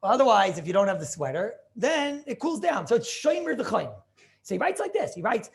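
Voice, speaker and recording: Guy rabbi on a video call class, kinda gravelly, lots of restarts and questions. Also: very high voice, very animated. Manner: halting, thinks aloud with many restarts and rhetorical questions. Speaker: rabbi teaching a Talmud class. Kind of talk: casual Torah class over video call.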